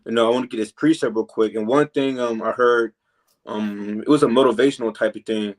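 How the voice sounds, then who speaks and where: A man teaching from scripture in a relaxed preaching style, filling pauses with "man" and "you know" and reading verses slowly. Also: mid-range voice. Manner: reads verses slowly and deliberately.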